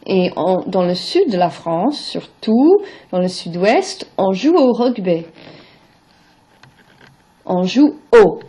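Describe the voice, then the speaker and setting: A woman's voice: medium pitch, big pitch swings, takes it slowly, warm tone. A woman teaching French in English, explaining grammar step by step and modelling French words before glossing them. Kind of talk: recorded vocabulary lesson.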